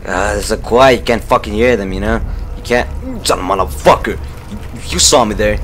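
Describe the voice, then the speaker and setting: A young man playing a horror game, swearing constantly, panicking and yelling at enemies, then muttering nervously. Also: medium pitch, brisk, faint music behind. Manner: profane, jumpy, yelling in panic. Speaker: let's play gamer.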